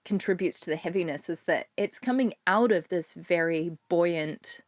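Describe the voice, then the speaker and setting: A woman hosting a podcast, talking about music in an analytical, animated way. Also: lowish voice, moderate pace, dry recording, studio quality. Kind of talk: casual music discussion.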